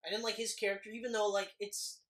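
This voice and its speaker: A man's voice: sits high, level tone, fast talker, a bit bright. A man in his thirties, co-hosting a casual movie podcast, who rambles, swears freely and fills his talk with "like.". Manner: rambling, profane, lots of "like". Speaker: podcast co-host.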